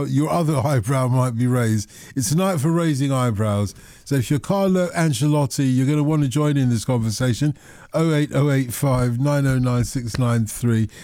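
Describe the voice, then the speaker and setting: A man's voice: on the high side, warm tone, no echo. A man hosting a sports radio phone-in from a studio, chatty and playful with jokey asides. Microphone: studio microphone.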